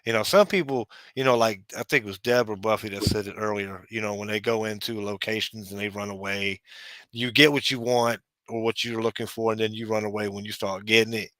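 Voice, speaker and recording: A man's voice: fairly low pitch, fairly even intonation, brisk, sharp tone, dry recording. A man in casual chat, rambling with lots of "you know" and restarts.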